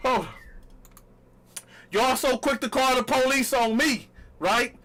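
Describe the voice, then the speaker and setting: A man telling a story casually to his viewers, talking straight to them and acting out the quoted lines loudly. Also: very high-pitched, measured pace. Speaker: storytelling vlogger.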